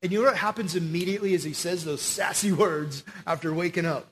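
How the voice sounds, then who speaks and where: A man preaching a casual sermon to young people, slangy and animated as he tells the story. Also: sits high, fast, a little hiss or hum.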